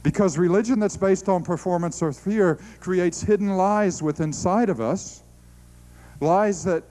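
Animated male preacher telling stories. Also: high-pitched, measured pace, poor audio. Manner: animated storytelling with laughs and stammered restarts. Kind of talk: sermon.

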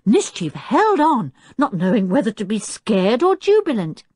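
A woman narrating a children's audiobook, telling the story clearly and expressively while doing the characters' voices. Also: a little high, sing-song, unhurried, a little mellow, no room sound, studio quality.

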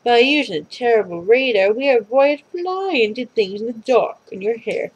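A woman's voice: a little high, animated, normal speed, highs cut off, noisy background, close to an everyday voice. A woman reading aloud and voicing a group of small bats who lecture about themselves. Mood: explaining. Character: chatty bat colony, small creatures.

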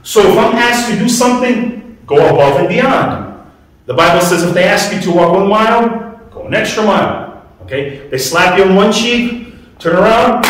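A man's voice: sits high, lively intonation, normal speed, a bit bright. A man preaching a sermon to a congregation in a conversational way, asking them questions as he goes. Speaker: pastor. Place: church hall. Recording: echoey room, mic at a distance.

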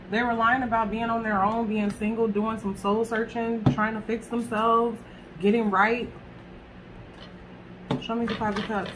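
A woman's voice: a little high, background noise. A woman reading tarot cards to camera in a chatty way, talking straight to her viewers and swearing casually. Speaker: tarot reader.

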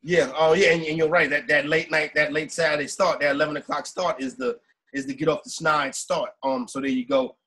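Husky-voiced man in loose sports chat. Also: fairly high pitch, brisk, pushed and bright, rough recording. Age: adult with kids. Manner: loose, rambling, says "you know what I'm saying" often. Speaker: podcast co-host. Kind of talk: casual sports betting chat.

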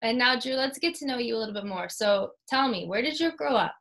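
A woman's voice: on the high side, animated, quick pace, fairly bright tone. A woman hosting a podcast interview, talking in a gushing, heartfelt, emotional way. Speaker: podcast host.

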